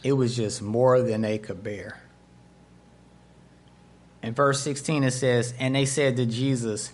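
A male pastor tells stories in his sermon at a slightly slow pace, pausing often, in a mid-range voice. He stays animated, voicing the people in each story.

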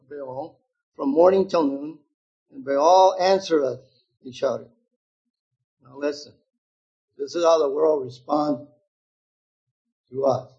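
A man in his seventies preaching a sermon, reading scripture aloud with loud emphatic stretches and quiet, low asides to his listeners. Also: breathy edge, dull audio. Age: 70s.

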